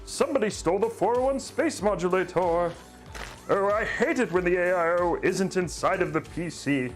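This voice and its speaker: A man's voice: high-pitched, expressive, moderate pace, soft background music. A man voicing a small, prim male cartoon Martian who speaks in a clipped, fussy way that leans British. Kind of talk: livestream impression.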